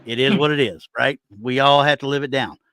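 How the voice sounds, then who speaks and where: A man's voice: medium pitch, steady tone, fairly quick, a bit bright, clear, resonant tone, dry recording. A man co-hosting a casual podcast, ranting with exasperation and reading online comments aloud. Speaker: podcast co-host.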